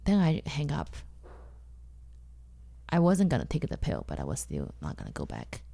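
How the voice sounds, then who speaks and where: A woman from China whose first language is Mandarin, telling her own story bluntly as a guest, with halting restarts and acted-out quotes. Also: low voice, wildly swooping pitch, vocal fry, mellow, slightly rough, dry recording. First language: Mandarin Chinese. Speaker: guest comedian. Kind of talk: candid personal storytelling.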